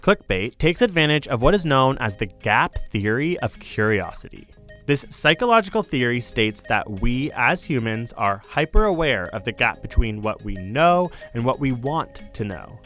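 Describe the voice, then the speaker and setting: A man giving a scripted narration about clickbait in a brisk, wry explainer tone. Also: medium pitch, big pitch swings, fairly bright tone, soft background music.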